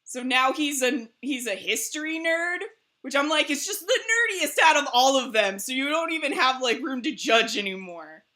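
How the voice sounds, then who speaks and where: A woman's voice: sits high, moderate pace. A woman hosting a livestream, chatting casually and telling family stories with lots of laughter. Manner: laughing, animated storytelling. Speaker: livestream host. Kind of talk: casual chat.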